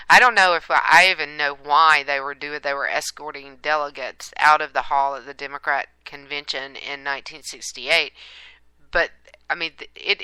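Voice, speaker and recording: Female talk-show host, low pitch, bright crisp voice, dry studio sound. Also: no room sound, rough recording. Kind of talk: political talk show discussion.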